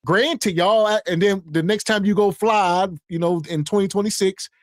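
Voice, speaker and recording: Podcast host guy, slightly high voice, laid-back and fed up, dry sound. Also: fairly even intonation, moderate pace, no room sound. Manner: laid-back, exasperated reacting. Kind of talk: casual commentary.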